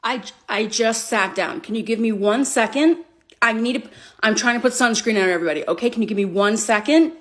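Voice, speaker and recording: Playing a frazzled suburban mom at the beach, a woman scolds her kids and husband in an exasperated mood. Her voice is on the high side, brisk and natural.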